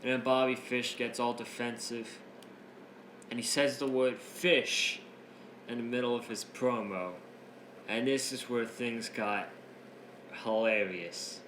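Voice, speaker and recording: A man reviewing a wrestling show in a casual recap. He is excitable and rambling, keeps restarting his sentences, and breaks up laughing as he retells the jokes. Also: mid-range voice, slow pace, long pauses, slight background noise. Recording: roomy echo, faint ambience.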